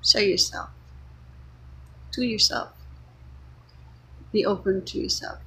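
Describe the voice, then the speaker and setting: A woman's voice: mid-range voice, expressive, slow, sharp tone, a little hiss or hum, low-quality recording. A woman giving an earnest, unscripted spiritual monologue, speaking her thoughts as they come to her. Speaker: vlogger sharing spiritual reflections.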